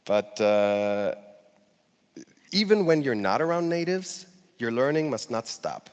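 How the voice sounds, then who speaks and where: A man's voice: mid-range voice, sing-song, slow pace, clean tone, in a large hall. A man giving a conversational talk to an audience, with fillers and light laughter. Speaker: speaker giving a talk on language learning.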